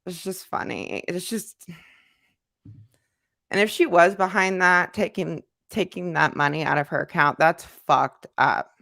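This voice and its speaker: A woman's voice: lowish voice, steady tone, measured pace, creaky, bright, forceful tone, dry recording, studio quality. A woman hosting a casual livestream and reading out chat comments. She is congested from a cold and talks in a loose, repetitive way with many fillers. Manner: conversational, repeats herself, many fillers.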